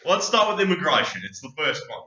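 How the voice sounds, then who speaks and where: A man's voice: fairly high pitch, big pitch swings, quick pace, pushed and bright, roomy sound, muffled recording. A man co-hosting a comedic podcast, argumentative and rambling. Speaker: podcast co-host.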